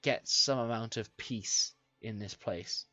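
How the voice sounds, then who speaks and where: A man's voice: on the low side, slow pace, bright, forceful tone, no room sound, muffled recording, soft background music. A man narrating a tabletop game as game master, hesitant with many fillers, on a home mic.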